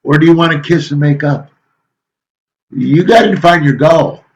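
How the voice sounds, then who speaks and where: With a fairly high-pitched voice, a man teaches his students in a relaxed, folksy lecture. He wanders a bit, pausing often and using filler sounds, and the audio quality is poor.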